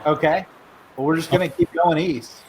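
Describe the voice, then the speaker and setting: Male tabletop player, slightly high voice, wry banter, noisy line. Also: fairly even intonation, normal speed. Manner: joking, wry in-game banter. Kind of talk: casual tabletop play. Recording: noisy online call recording.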